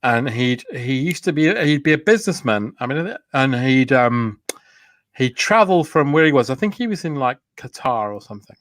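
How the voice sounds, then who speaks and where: A man's voice: mid-range voice, lively intonation, normal speed, fairly bright tone, no room sound. A man co-hosting a casual comedy chat, telling playful anecdotes and putting on quoted voices. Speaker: co-host.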